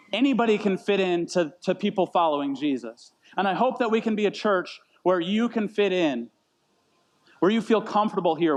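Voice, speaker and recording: A man in his thirties preaching a casual sermon, rambling and self-deprecating, often repeating words as he tells stories. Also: high voice. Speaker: pastor. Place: church meeting in a brewery.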